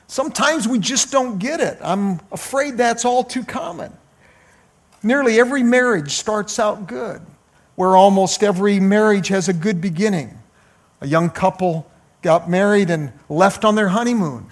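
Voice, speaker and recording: Male pastor giving a sermon; gravelly, higher-pitched, halting delivery. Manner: halting, with frequent uh fillers and restarts.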